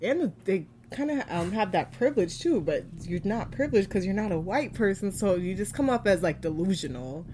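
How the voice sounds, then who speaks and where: A woman co-hosting a casual podcast review of a show. She speaks in a mid-pitched voice and is thoughtful and analytical as she weighs the characters' behavior. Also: animated, moderate pace, hardly any pauses, warm tone, slight background noise. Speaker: podcast co-host.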